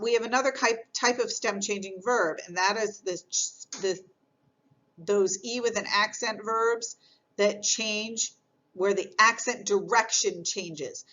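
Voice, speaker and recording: A woman explaining grammar in a recorded lesson, patient and clear, repeating key points as she goes. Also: medium pitch, slow, sharp tone, dull audio. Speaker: French teacher.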